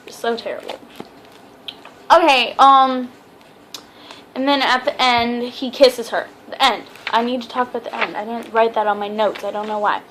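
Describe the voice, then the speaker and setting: High-pitched girl rambling thru a book review vlog, stutters a lot, bit of background hiss. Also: steady tone, normal speed, a bit bright. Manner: chatty, rambling, stumbles over words. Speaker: book vlogger.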